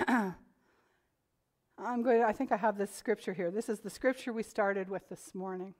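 A woman's voice: mid-range voice, normal speed, darkish tone. A woman preaching a sermon to her congregation, earnest and growing emphatic when she reads scripture aloud. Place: church.

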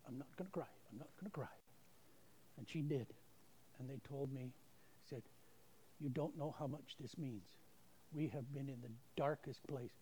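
A man's voice: mid-range voice, dark tone, slight background noise. A man giving a folksy, self-deprecating testimony at a church service, acting out the voices in his stories. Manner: folksy, self-deprecating storyteller who acts out quoted voices. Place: church service, streamed online.

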